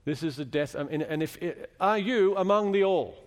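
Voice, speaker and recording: A fairly high-voiced man delivers a teaching sermon, working through scripture and putting questions to his listeners. His voice carries a long reverb from the chapel he speaks in. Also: animated, normal speed. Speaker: preacher.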